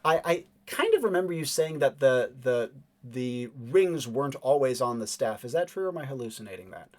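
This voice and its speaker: A man's voice: medium pitch, big pitch swings, brisk. A man running a tabletop game as game master, narrating loosely with lots of fillers and laughing along.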